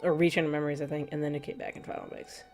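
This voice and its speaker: A woman's voice: deep voice, sing-song, racing, gravelly, a little mellow, faint music behind. A woman streamer in casual, rambling chat with her viewers, a little stuffy from allergies and laughing often. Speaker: gaming streamer.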